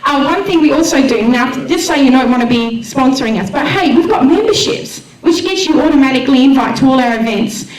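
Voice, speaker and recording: An Australian woman speaking to a community event crowd, heartfelt and enthusiastic as she pitches her volunteer radio station. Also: animated, fairly quick, few pauses. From Western Australia. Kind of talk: emotional public speech at a launch event. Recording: echoey room, voice far from the mic.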